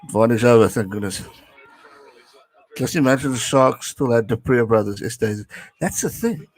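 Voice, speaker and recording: A man's voice: medium pitch, animated, normal speed, rough recording. A young man giving casual live watch-along commentary on a rugby match, chatting with viewers and reading out their messages.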